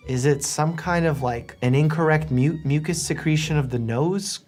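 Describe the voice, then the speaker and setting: A man who is a doctor, casually reacting to medical memes with jokes, quick asides and frequent laughs. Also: on the high side, over music. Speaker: doctor and YouTuber. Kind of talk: casual meme reaction commentary.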